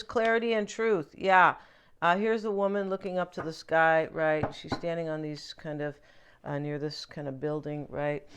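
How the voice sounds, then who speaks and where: A woman talks through a tarot spread in a loose, chatty way. Her voice is smooth and resonant. She muses aloud and keeps checking in with the listener. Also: on the low side, a bit bright. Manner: chatty, asks "right?" often, muses aloud. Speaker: tarot reader. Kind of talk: casual tarot reading monologue.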